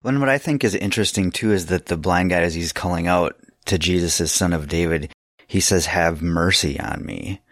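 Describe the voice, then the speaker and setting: A man's voice: low voice, moderate pace, fairly bright tone, dry recording, studio quality. A man sharing reflections in a casual Bible discussion.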